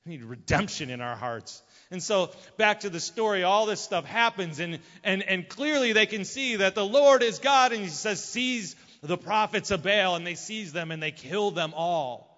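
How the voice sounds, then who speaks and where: Man, pastor, sermon, animated storytelling, slightly high voice, long hall reverb. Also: moderate pace, hardly any pauses, muffled recording. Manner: animated storytelling, acting out characters' lines. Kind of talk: sermon retelling a Bible story.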